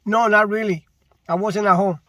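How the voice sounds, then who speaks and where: A man's voice: high voice, fairly even intonation, normal speed, bright, forceful tone, no room sound. A delivery driver ranting in a casual vlog, frustrated and repetitive, stressing his complaints with emphasis.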